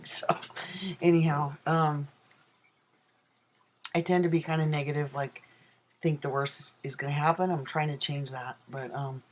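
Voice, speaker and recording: A man's voice: fairly high pitch, level tone, a little slow, pauses often, a little hiss or hum, low-quality recording. A transgender man chatting in a casual video diary from his apartment, rambling with many ums and self-corrections. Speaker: vlogger. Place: own apartment.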